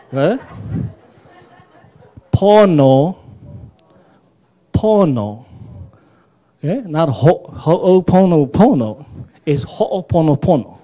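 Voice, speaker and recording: A man's voice: a little high, dark tone. A man presenting at a workshop, teaching patiently and repeating himself, checking in with the audience through little tag questions. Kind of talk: seminar teaching pronunciation.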